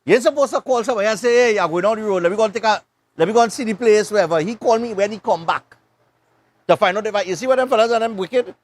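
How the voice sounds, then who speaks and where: A man's voice: sits high, racing. A man with a Trinidadian accent, hosting a live morning show and telling a rambling story in casual dialect. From Trinidad and Tobago. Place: beach club.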